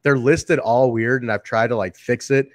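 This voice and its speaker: A man's voice: mid-range voice, fairly even intonation, normal speed, no echo, clean studio sound. A man chatting casually with his bandmates over a video call, rambling and full of fillers. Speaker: band member. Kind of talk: casual chat.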